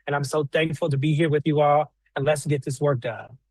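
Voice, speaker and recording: A man's voice: on the high side, level tone, a little fast, a little mellow, dry recording, rough recording. Fervent man giving a rally speech. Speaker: guest speaker, organizer.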